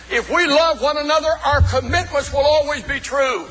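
High-voiced preacher in a reverberant church. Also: male voice, normal speed. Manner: folksy preaching with shouted emphasis and calls to the congregation. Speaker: pastor. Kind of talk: sermon. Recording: long reverb of a church hall.

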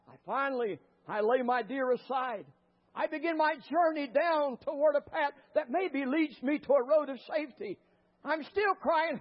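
A man preaching a sermon as a pastor, telling stories with fervor and rising to shouts. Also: very high-pitched, moderate pace. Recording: muffled lo-fi recording.

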